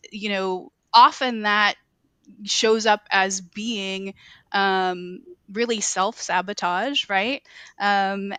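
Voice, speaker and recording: A woman's voice: mid-range voice, pushed and bright, smooth, no room sound. A woman guest answering interview questions earnestly, with many ums and you-knows. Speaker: guest, publishing CEO.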